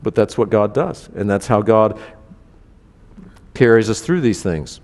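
A male pastor gives a conversational sermon, talking to his listeners directly. He gets animated, jumping up in pitch and volume when he acts out the voices of the people in his text. He drops low and quiet when he draws out the lesson. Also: measured pace, long reverb tail.

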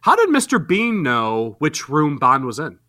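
Bright, animated man ranting. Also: on the high side, measured pace. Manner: incredulous, profane ranting about plot holes. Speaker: podcast co-host. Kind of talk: casual movie review chat.

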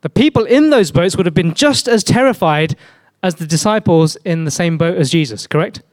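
A man's voice: high-pitched, expressive, moderate pace, dry recording. Conversational male preacher, dry sound. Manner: conversational, with rhetorical questions. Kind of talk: sermon.

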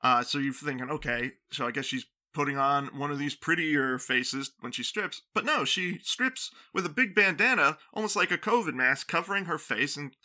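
A man's voice: on the high side, expressive, normal speed, hardly any pauses, pushed and bright. A man co-hosting a casual movie-review chat, sarcastic and incredulous as he picks apart plot holes. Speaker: podcast co-host.

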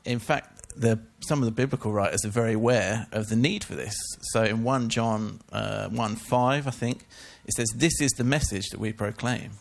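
A man's voice: lowish voice, moderate pace, vocal fry, few pauses. A man giving a casual, chatty Bible teaching talk, full of informal asides. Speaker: church teacher.

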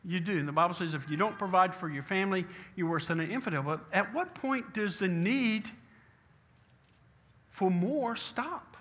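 Man pastor, high voice, bright tone, emphatic sermon, rhetorical questions. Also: animated. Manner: emphatic preacher, rhetorical questions, slows for scripture.

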